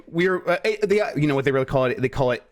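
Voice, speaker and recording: A man's voice: mid-range voice, lively intonation, very fast, noisy background. Goofy man joking on a podcast. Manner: goofy, jokey asides. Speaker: podcast co-host. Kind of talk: casual chat and ad read.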